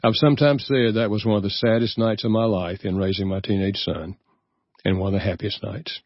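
A man's voice: fairly low pitch, steady tone, a little fast, dry recording, highs cut off. An older man, a guest author, telling a personal story in an earnest, reflective way during a radio interview. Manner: earnest, reflective, easy chuckles.

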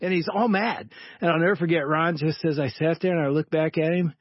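A man who is a pastor, co-hosting a faith talk show and telling stories in an animated way, acting out the people he quotes. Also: a little high, brisk, dry recording, lo-fi sound. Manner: animated, acts out quoted voices. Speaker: pastor and co-host. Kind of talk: conversational storytelling.

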